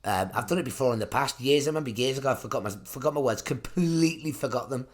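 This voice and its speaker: A man's voice: mid-range voice, fast talker. A man, co-hosting a casual comedy podcast, rambling and laughing at his own jokes. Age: 30s. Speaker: podcast co-host.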